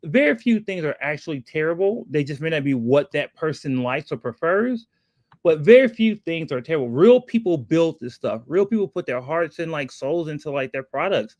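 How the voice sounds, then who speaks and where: A man co-hosts a developer live stream in upbeat, casual chat. He greets viewers one by one and fires off hype phrases. His voice sits a little high, and the close mic is dry. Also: lively intonation, moderate pace, a little mellow, dry recording.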